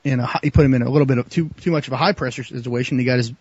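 A man talking as a podcast guest in casual chat, halting and restarting his sentences often. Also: medium pitch, a little mellow, slightly rough, no room sound, muffled recording.

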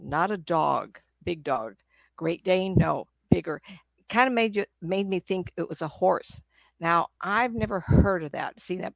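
A woman's voice: lowish voice, no echo. A middle-aged woman, a psychic medium, telling stories in a casual, rambling way, often laughing. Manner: rambling, laughs often, acts out quoted voices. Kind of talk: casual storytelling talk.

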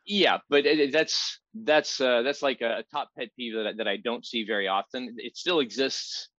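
A man's voice: medium pitch, a bit bright, no room sound. Male guest, anatomy teacher, patient explainer, slightly lo-fi and dry. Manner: measured, explanatory, some repeated words. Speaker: guest, massage therapist and teacher. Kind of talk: casual interview.

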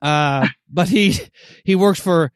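Casting: male co-host, slightly high voice, dry close sound, loose rambling chat. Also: takes it slowly, dry recording. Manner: rambling, filler-heavy, relaxed. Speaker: podcast co-host. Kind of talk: casual chat.

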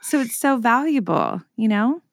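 A woman's voice: a little high, big pitch swings, normal speed, creaky, no echo. Woman hosting a podcast, super enthusiastic, dry close mic, swears casually. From United States. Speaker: podcast host.

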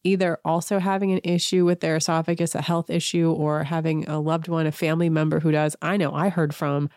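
A woman's voice: deep voice, level tone, brisk, a little mellow, no room sound, clean studio sound. A woman hosting a podcast, giving a casual, sarcastic recap and mimicking the people she quotes. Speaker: podcast host.

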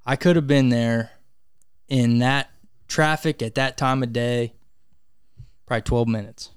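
A man co-hosting a podcast in casual chat, rambling and repeating words, often trailing off quietly. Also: mid-range voice, fairly even intonation, unhurried, smooth, dry recording, studio quality. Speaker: podcast co-host.

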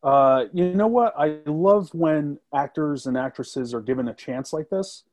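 A man's voice: on the high side, unhurried, a little mellow. A man, a film critic guest, talking emphatically in a casual review chat. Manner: emphatic, with filler-heavy restarts.

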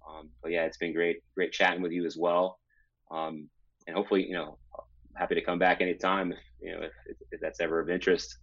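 A man in his forties, a podcast guest, speaks in a very deep voice, thoughtful and halting. The sound is dry and a little dull, as if from a modest mic. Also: flat delivery, fairly bright tone, dry recording. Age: 40s. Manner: thoughtful, halting, with many restarts. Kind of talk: casual interview chat.

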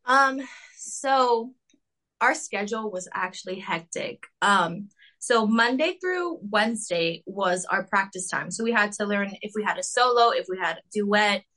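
A young woman talking casually as an interview guest, full of fillers, sometimes jumping high to act out quotes. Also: expressive, unhurried, bright, forceful tone. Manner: chatty, filler-heavy with lots of "like" and "um"; acts out quotes in a high mocking voice.

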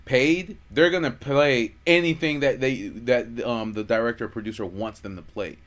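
A man's voice: mid-range voice, normal speed. A man co-hosting a podcast, chatting casually and laughing while he teases his co-host. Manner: laughing, teasing banter. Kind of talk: casual chat.

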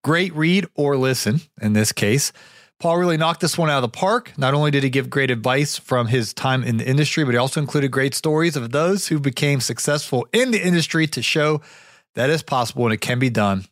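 A man's voice: mid-range voice, brisk, no room sound, clean studio sound. A man hosting a podcast, telling a rambling story while getting over a sore throat with a cough drop in his mouth. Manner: rambling, many restarts and fillers. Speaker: podcast host. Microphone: podcast mic.

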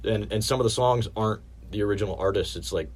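A man's voice: on the low side, quick pace, a crowd in the background. A man hosting a podcast, talking in a laid-back, casual way and laughing easily. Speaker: podcast host. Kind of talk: casual chat.

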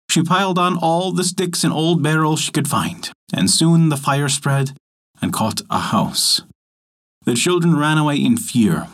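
A man narrating a folktale as a storyteller, in a measured, expressive manner. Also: medium pitch.

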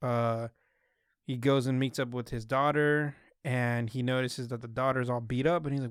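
A man's voice: medium pitch, little pitch movement, moderate pace, clean tone, no echo, clean studio sound. A man hosting a casual podcast, talking in a loose, rambling way with plenty of swearing. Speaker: podcast host.

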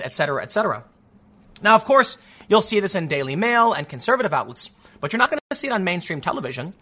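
A man hosts his own commentary show in a somewhat raised, bright and forceful voice. He talks conversationally, circling back with restarts and asides as he weighs both sides of an issue. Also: sits high, sing-song, fast. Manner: conversational, thinks aloud with frequent restarts and asides. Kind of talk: casual opinionated commentary.

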